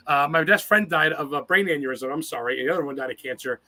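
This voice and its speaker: Telling personal stories as a guest on an interview show, a man in his forties speaks fast in a high-leaning, bright, forceful voice. His casual storytelling is meandering, profane and emotional.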